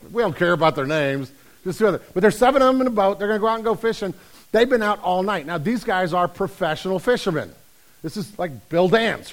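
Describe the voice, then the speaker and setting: Guy preaching, kinda high voice, jokey and chatty, does little voices for the people in the story. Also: poor audio. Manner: lively storytelling, acts out quoted voices; humorous, conversational preaching. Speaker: pastor. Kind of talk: sermon.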